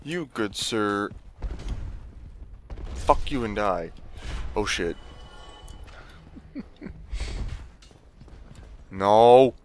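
A man's voice: on the low side, expressive, very slow, pauses often, a bit bright, slight background noise. A young man commentating his own gameplay, trash-talking enemies with lots of swearing and breaking into sudden yelps of alarm. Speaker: let's play host.

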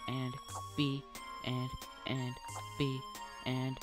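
Low-voiced woman doing game commentary. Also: completely flat delivery, extremely slow, over music. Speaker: let's play commentator. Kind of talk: casual gameplay commentary.

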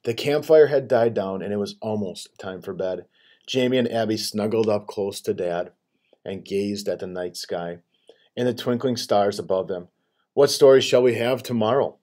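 A man reading a children's picture book aloud in an expressive storyteller's voice. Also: fairly low pitch, moderate pace. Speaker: school read-aloud host.

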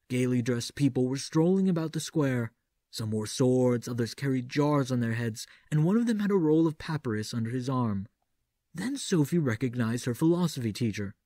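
Audiobook narrator: man, dark mellow voice, theatrical and measured, dry close mic. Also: medium pitch, no room sound. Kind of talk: audiobook reading doing a Vincent Price impression.

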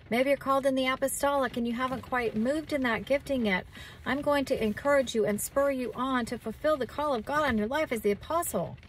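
A woman's voice: medium pitch, distant mic, rough recording. Woman minister, earnest and encouraging, mid-range voice, faint noise behind. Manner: earnest and encouraging, with frequent restarts. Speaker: self-described prophetic minister. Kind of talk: encouraging talk and spoken prayer.

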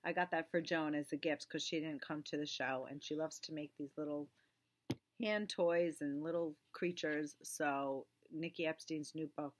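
A woman with a low voice chats casually as a co-host of a yarn shop video. She talks easily, often jumping in to finish her partner's thoughts and supply names. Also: fairly even intonation, moderate pace. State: talking around candy in her mouth. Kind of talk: casual chat.

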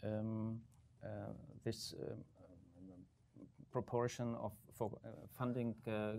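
A man answering questions as a government state secretary on a panel, measured, with frequent ums and uhs. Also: lowish voice, flat delivery, creaky, a little mellow, a little hiss or hum. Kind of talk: panel discussion remarks.

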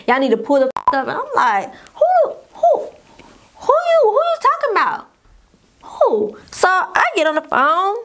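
A young woman tells a story-time tale to her camera. Her voice sits a little high, and she slips into the lines of the people in her story in an animated way. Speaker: YouTuber telling a story.

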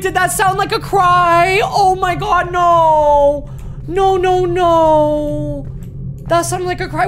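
A woman streaming a horror game live, panicking, swearing and shrieking the same exclamations over and over. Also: high-pitched. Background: game music.

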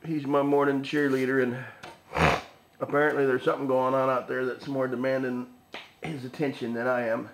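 A man's voice: mid-range voice, level tone, normal speed. A middle-aged man in a casual morning vlog at home, speaking affectionately to his rescue dogs in baby-talk. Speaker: dog rescue operator.

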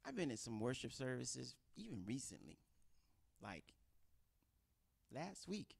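A middle-aged man delivers a relaxed, conversational sermon. His pitch swings up and down a lot, and he slips into quoted voices to make a point. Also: measured pace, creaky, slightly rough. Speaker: pastor. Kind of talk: informal sermon teaching.

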